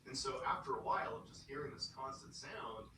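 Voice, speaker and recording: A man's voice: medium pitch, steady tone, fairly quick, echoey room, far from the mic, noisy background. A man narrating scary true stories in a dramatic, suspenseful way. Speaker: storyteller.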